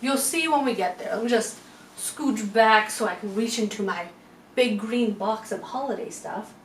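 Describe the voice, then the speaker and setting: Recorded far from the mic in an echoey room at home, with faint music and slight background noise, a breathless woman vlogs about her lifestyle. She speaks at a moderate pace in a voice on the high side, chatting casually to camera and rambling with playful asides.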